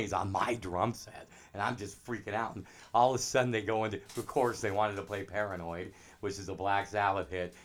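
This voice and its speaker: A middle-aged man, a drummer, telling animated anecdotes in a casual interview. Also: on the low side. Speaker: drummer guest.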